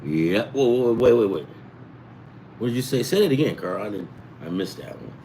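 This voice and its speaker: A man's voice: mid-range voice, expressive, fairly quick, mellow, a little hiss or hum. A middle-aged man from the US East Coast telling rambling, profane stories in a casual sports betting show, acting out the voices of people he quotes. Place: home in California.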